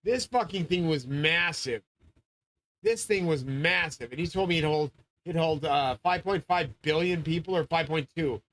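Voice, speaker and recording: A man hosting his own channel, rambling through a grandiose, swearing monologue and often yelling. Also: fairly high pitch, poor audio. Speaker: channel host. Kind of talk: profane monologue rant.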